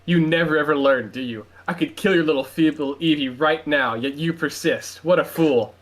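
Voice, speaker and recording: A man's voice: a little high, moderate pace, lightly acted. A man voicing an arrogant young male rival who mocks and threatens his opponent. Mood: sneering. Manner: mocking, scornful.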